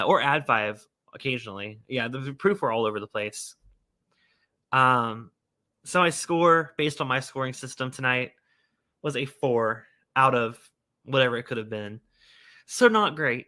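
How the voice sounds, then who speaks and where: Bright-voiced man hosting a whiskey livestream. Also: mid-range voice, measured pace. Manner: animated, self-scolding, exclaims often. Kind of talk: casual livestream chat.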